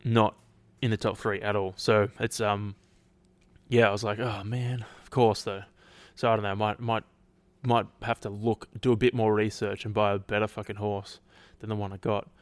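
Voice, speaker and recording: A man's voice: on the low side, flat delivery, normal speed, smooth, dry recording. A man hosting a casual solo podcast, rambling, restarting sentences and swearing offhandedly, his throat a little dry. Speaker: podcast host.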